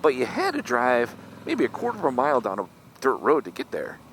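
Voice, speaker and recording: A man's voice: medium pitch, wildly swooping pitch, fairly quick, fairly bright tone, poor audio. A middle-aged man, chatting in a rambling, self-mocking way while riding a motorcycle through traffic. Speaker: motorcycle vlogger. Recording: faint road and traffic noise.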